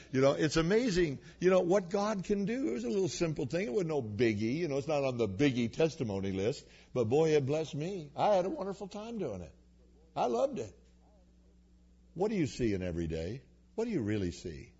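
Before his church congregation, a male preacher shares folksy, humorous personal stories as part of his sermon. His medium-pitched voice is slightly rough, and the recording is dull and lo-fi.

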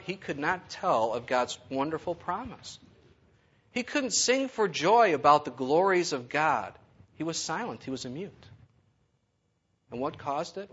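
A man's voice: a little high, a bit bright, husky, highs cut off. A man preaching a sermon to his congregation, conversational and full of rhetorical questions. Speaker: pastor.

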